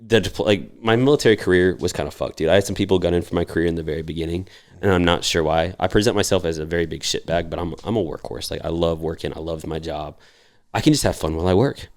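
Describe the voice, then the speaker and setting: Very deep gravelly man telling stories. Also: fast. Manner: profane, acts out quoted voices animatedly. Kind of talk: casual storytelling.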